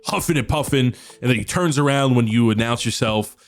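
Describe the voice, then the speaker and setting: A man's voice: mid-range voice, a little fast. A man acting as game master, narrating a tabletop game in a casual, descriptive way.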